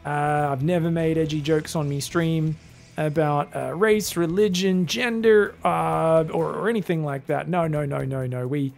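A man's voice: a little high, steady tone, unhurried, creaky, darkish tone, faint music behind. A man with an Australian accent doing solo esports commentary, chatty and joking with teasing asides. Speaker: esports caster.

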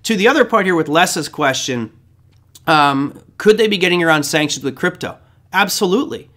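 A man's voice: on the high side, animated, normal speed, bright, forceful tone. A man hosting a trading show, giving casual market commentary in a rambling, conversational way with side stories.

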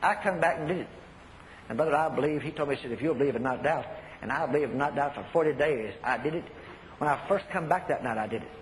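A man's voice: on the high side, quick pace. An older man preaching a sermon in a folksy, emphatic way, laughing as he tells his stories, in an echoey hall recording with faint noise.

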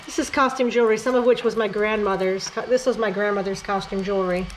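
Walking through the rooms of her house, a middle-aged home vlogger from New York's Catskills chats with viewers during a casual tour. She speaks fast in a mid-range voice with fairly even intonation, and the low-quality audio has some hiss or hum. Her dogs get baby-talk from her along the way.

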